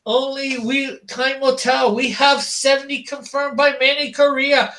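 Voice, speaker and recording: A man's voice: extremely high pitch, level tone, measured pace, few pauses, sharp tone. A man hosting a live-streamed art auction, calling out bids over and over and chuckling between calls. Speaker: auction host.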